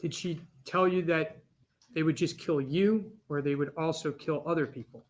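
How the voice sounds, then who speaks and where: A man's voice: fairly high pitch, fairly even intonation, normal speed. A man examining a witness in court, asking short, direct questions. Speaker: trial attorney questioning a witness.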